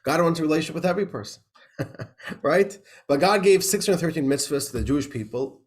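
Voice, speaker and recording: A rabbi teaches an informal class in a chatty, questioning way. His voice sits a little high for a man, and he laughs often and breaks off to restart his sentences. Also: expressive, fairly quick. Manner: conversational, laughing, lots of "right?" and restarts. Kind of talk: informal class lecture with a joke.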